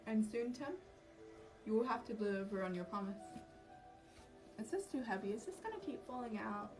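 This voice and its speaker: A woman's voice: a little high, animated, normal speed. A young woman chatting casually to a livestream audience, self-mocking and easily sidetracked. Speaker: cosplay livestreamer. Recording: distant mic with music behind. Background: background music.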